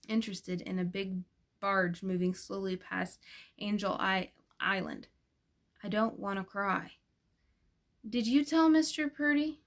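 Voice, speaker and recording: A woman's voice: medium pitch, a bit bright. Woman reading a novel aloud. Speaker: audiobook reader. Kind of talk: first-person audiobook narration.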